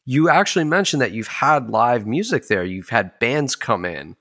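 Male podcast host, loose profane banter, medium pitch. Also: animated, moderate pace, a bit bright. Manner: loose and profane, laughing easily. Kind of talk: casual conversation.

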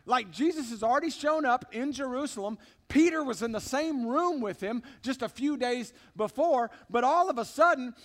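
A man's voice: very high voice, fairly bright tone. A man preaching a sermon in a church service, emphatic and conversational, talking straight to the congregation. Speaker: pastor.

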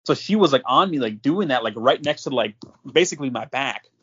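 A man's voice: medium pitch, animated, fairly quick, a bit bright, slightly rough, dull audio. Rambling man telling a hunting yarn. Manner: rambling, filler-heavy, lots of "like". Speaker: podcast host. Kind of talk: casual storytelling chat.

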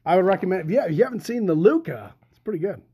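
A man hosts a casual podcast in a loose, rambling way. He drifts from topic to topic, full of ums and restarts. His voice sits slightly high for a man. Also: lively intonation, racing, warm tone. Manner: rambling, chatty, lots of fillers and restarts. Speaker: podcast host. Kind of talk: casual chat.

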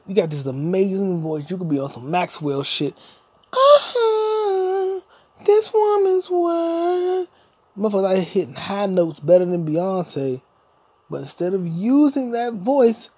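Husky guy ranting on his podcast, swearing a lot, rambly and jokey. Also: high voice, warm tone, dry recording. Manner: profane, rambling, jokey, sings snatches. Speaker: podcast host. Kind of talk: solo podcast rant.

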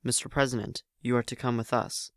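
A man voicing an alien spaceship that speaks in a flat, slow, commanding way. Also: mid-range voice, no echo, studio quality, close to an everyday voice. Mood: cool. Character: cool, insistent alien spacecraft voice.

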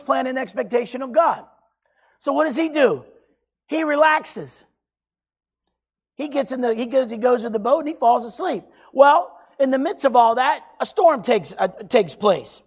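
A preacher delivering an emphatic sermon, swinging between loud exhortation and hushed, quiet passages. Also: high-pitched, breathy edge.

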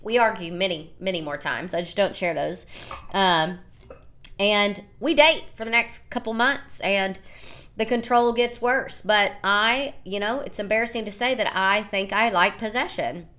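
A woman's voice: mid-range voice, unhurried, bright, forceful tone. A woman hosting her own podcast, talking candidly and emotionally in a rambling casual monologue full of fillers. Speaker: podcast host and small business owner.

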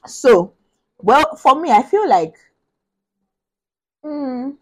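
A woman's voice: sits high, big pitch swings, very slow, poor audio. A woman from Nigeria hosting a podcast in casual chat. She is bubbly, laughs often and thinks aloud with many restarts. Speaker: podcast host.

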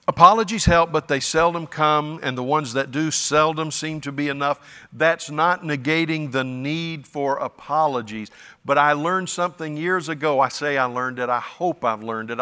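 A man's voice: on the high side, pushed and bright, big-room sound. A man preaching a sermon as pastor, earnest and conversational.

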